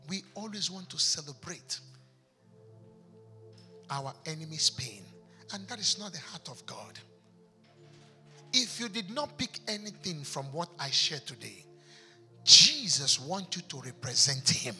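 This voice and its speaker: A man's voice: fairly high pitch, sing-song, unhurried, pauses often, sharp tone, soft background music. A pastor preaching an impassioned sermon in a church, driving his points home with rhetorical questions.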